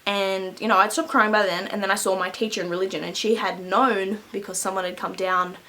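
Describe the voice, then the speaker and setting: A woman's voice: medium pitch, little pitch movement, a little fast, sharp tone, poor audio. A young adult woman vlogger telling a school story casually, rambling with lots of fillers and frequent laughs. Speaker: beauty vlogger.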